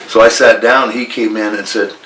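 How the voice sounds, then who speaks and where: Ex-wrestler guest, low voice, swears freely, tells it with quoted dialogue; room echo, distant mic. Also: male voice, fairly even intonation, a little slow, pushed and bright, slight background noise. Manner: blunt, profane, retells arguments in quoted dialogue. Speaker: retired pro wrestler guest. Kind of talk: candid storytelling interview. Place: indoor room with a coffee maker.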